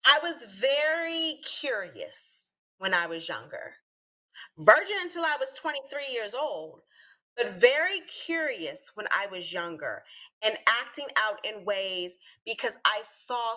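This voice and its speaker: A woman co-hosting a talk show, speaking earnestly and emphatically in casual discussion with animated asides. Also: medium pitch.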